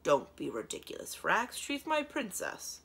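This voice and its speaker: Mild, assured female dragon king played by a woman reader, husky storybook voice. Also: medium pitch, wildly swooping pitch, unhurried, fairly bright tone, voice pushed up, exaggerated voice. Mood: calm assured.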